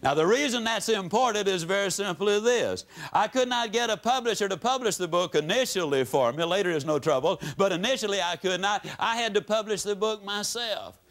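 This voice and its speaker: An American man delivers a motivational lecture before a live audience, his folksy, dramatic style swinging widely in pitch and volume. He speaks briskly, with few pauses.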